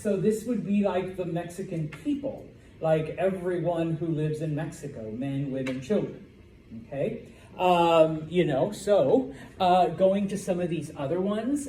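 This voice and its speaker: Male language teacher, mellow tone, roomy classroom sound with faint noise. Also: high voice, expressive, measured pace. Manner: checks in with "okay?" after each point. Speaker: Spanish teacher. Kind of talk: classroom lecture.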